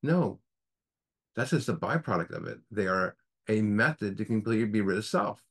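A low-voiced man leads a recovery group study, teaching with earnest, preacher-like conviction. He keeps turning to the group with rhetorical questions as he works through the text. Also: lively intonation, moderate pace, a bit bright, husky.

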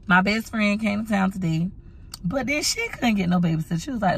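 A woman's voice: medium pitch, animated, a little fast, vocal fry, breathy edge. A woman vlogging in casual chat from her van, telling stories in a dramatic, chatty way. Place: parked van at a laundromat.

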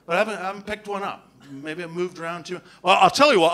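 A man from Canada doing live stand-up comedy, shouting and slipping into silly put-on voices and accents. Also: high-pitched, quick pace, hardly any pauses, very noisy.

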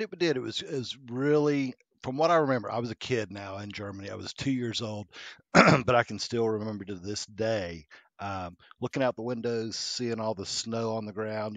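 Low-voiced man in his fifties, hesitant. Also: fairly bright tone, dry recording. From Georgia, US. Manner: hesitant, with many ums and restarts. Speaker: podcast guest. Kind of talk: casual interview storytelling.

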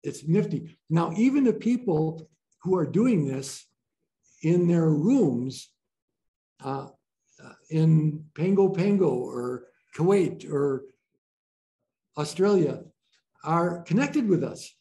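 Man, breathwork teacher, slow and unhurried, mellow voice, playful, laughs often. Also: a little high, lively intonation. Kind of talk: informal group teaching talk. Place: training room with a group.

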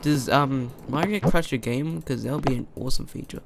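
A young man doing let's play commentary on a horror game, excitable, chatting to the characters and yelling when startled. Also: mid-range voice, normal speed, vocal fry, few pauses, music in the background. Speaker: gamer.

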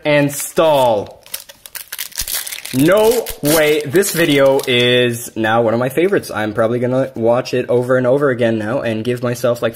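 An excitable man runs through a stack of cards at an unhurried, drawn-out pace, reading each name aloud. His pitch sits right in the middle for a man, and he breaks into loud shouts whenever he pulls something big. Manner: excitable, bursts into yelling over big pulls. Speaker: card-collecting YouTuber. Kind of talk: casual card-opening commentary.

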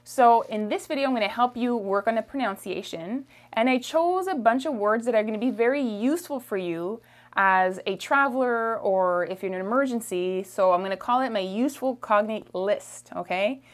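A woman with a Canadian French accent giving an online French lesson, modelling words slowly and checking in with "okay" after nearly every word. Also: on the high side. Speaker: French teacher. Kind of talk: language lesson.

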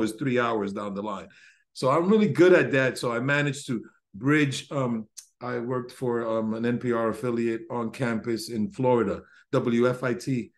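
A man's voice: medium pitch, normal speed. A man sharing thoughts in a casual video-call discussion, rambling and enthusiastic as he corrects himself. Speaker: symposium participant.

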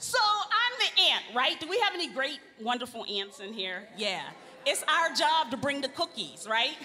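A woman's voice: high-pitched, normal speed. A woman speaking at a live event, telling funny family stories to the audience with lots of laughter. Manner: animated, laughing, addresses the crowd. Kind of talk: comic storytelling to a live audience. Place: large event hall. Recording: live hall with long reverb, faint ambience.

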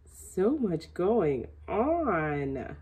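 A woman reading a children's picture book aloud, animated and laughing along with the story. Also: fairly low pitch, very slow, slight background noise.

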